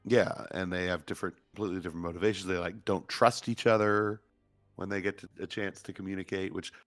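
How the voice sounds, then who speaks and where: A man's voice: deep voice, fairly even intonation, fast, fairly bright tone, no room sound, soft background music. A man co-hosting a podcast, chatting casually and rambling as he loses his train of thought. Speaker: podcast co-host. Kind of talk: casual chat.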